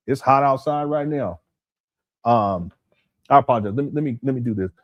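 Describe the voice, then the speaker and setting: A man hosts a casual live stream from his room at home. His pitch sits in the middle, and he rambles, stumbles, and repeats words as he talks to his viewers. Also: brisk, lo-fi sound. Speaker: commentary channel host.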